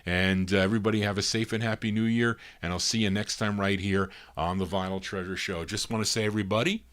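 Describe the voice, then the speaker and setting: A male DJ with a fairly low voice, hoarse as he runs out of voice. He chats casually between records, laid-back and rambling, and stops to correct himself. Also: steady tone, quick pace, a bit bright. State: hoarse, losing his voice. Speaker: radio-style DJ host.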